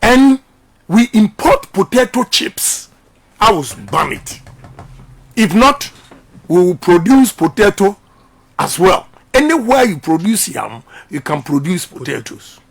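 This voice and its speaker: Emphatic Ghanaian man, high-pitched. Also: very animated, takes it slowly, vocal fry. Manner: repetitive, emphatic, preaching-style delivery. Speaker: politician. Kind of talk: impassioned radio interview.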